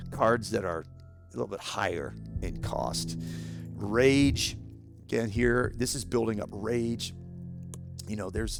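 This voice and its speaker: A man with a sore throat and a gravelly voice, walking through a video game casually and bluntly, explaining each step. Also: lowish voice. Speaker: gaming YouTuber. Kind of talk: casual gameplay walkthrough.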